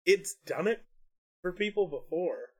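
A man's voice: high-pitched, expressive, measured pace, breathy edge. A young man and streamer co-hosting a podcast, chatting bluntly and swearing freely. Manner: blunt, swears freely, rants about pet peeves. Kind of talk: casual chat.

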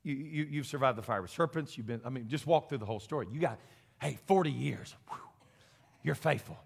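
A middle-aged man, preaching a folksy Pentecostal sermon that swings between quiet talk and loud shouting. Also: mid-range voice, brisk, gravelly, breathy edge. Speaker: senior pastor. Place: church sanctuary. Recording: long church reverb.

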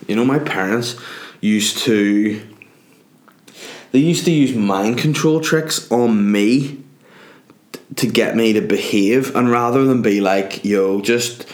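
A young man, rambling through a crude comic monologue full of tangents. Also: on the low side. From Ireland.

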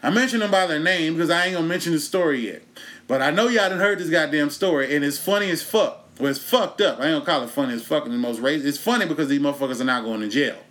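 A Texan comedian hosting a comedy show tells a story in a profane stand-up monologue, his voice a little high and quick. He's animated and keeps breaking into laughter.

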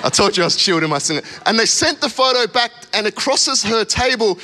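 A man in his thirties preaching in a church, telling a story with lively acted-out voices before a sermon. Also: sits high, fairly quick, hardly any pauses, noisy background. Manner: animated storyteller, acting out voices. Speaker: pastor. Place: church hall.

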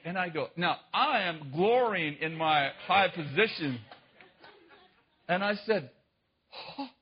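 Guy preaching, telling a story on himself, husky and kinda high, laughing a lot, muffled recording. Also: a little slow, pauses often. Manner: animated, self-mocking, laughs often. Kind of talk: storytelling sermon.

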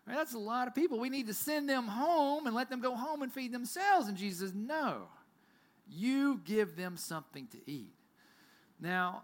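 Lively pastor preaching. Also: male voice, very high-pitched. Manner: animated storytelling, swings from loud to near-whisper. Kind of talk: sermon. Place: church.

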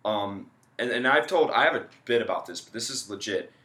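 A male comedian hosting a podcast, talking casually and quickly when making a point. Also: lowish voice, expressive, bright, forceful tone. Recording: roomy echo.

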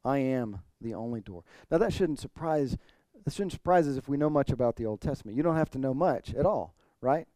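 A man's voice: on the high side, fairly quick, hardly any pauses, dark tone, dry recording. A man pastor preaching an expository sermon, earnest, building to emphatic points. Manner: earnest preaching, rising emphasis, occasional throat clearing.

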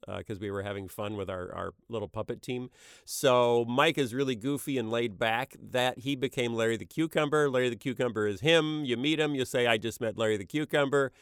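Animated storyteller man, smooth dry voice. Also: mid-range voice, dry recording. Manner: animated, slips into character voices while telling stories. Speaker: animation creator being interviewed. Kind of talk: casual storytelling interview.

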